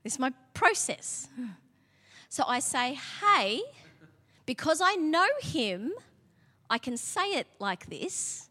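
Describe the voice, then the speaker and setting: A woman's voice: high-pitched, very animated, slow pace, long pauses, bright, forceful tone. A woman pastor giving a sermon, telling a personal story in a chatty way with laughing asides and building into emphatic preaching. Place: church hall. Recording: long hall reverb.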